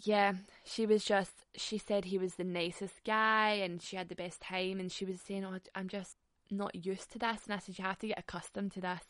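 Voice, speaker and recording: A woman's voice: mid-range voice, little pitch movement, normal speed, few pauses, fairly bright tone, dry recording. A young Scottish woman hosting a podcast on her own, talking frankly and swearing freely, with frequent laughs. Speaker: podcast host. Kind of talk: casual solo podcast chat.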